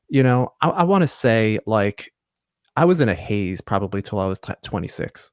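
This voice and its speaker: A man from Long Island, New York, telling his family business story as a guest in a relaxed, casual interview. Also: mid-range voice, normal speed, dry recording, studio quality. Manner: relaxed, storytelling, many fillers. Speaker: guest, company executive.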